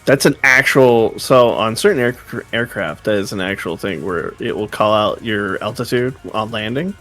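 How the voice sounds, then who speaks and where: A man's voice: lowish voice, normal speed, fairly bright tone. Stream co-host, casual man, rambling anecdotes, faint music behind. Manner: storytelling, laughing, rambling.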